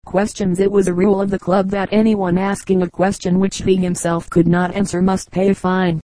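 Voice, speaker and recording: A woman reading a collection of humorous anecdotes aloud as an audiobook narrator, in a measured, even storytelling manner. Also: lowish voice, no room sound, low-quality recording. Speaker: audiobook reader.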